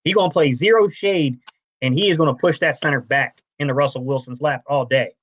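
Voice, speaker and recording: A man co-hosting a casual fan sports stream, talking in a brash, animated way. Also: a little high, brisk, dry recording. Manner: animated, brash, says bro a lot. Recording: dull lo-fi stream audio.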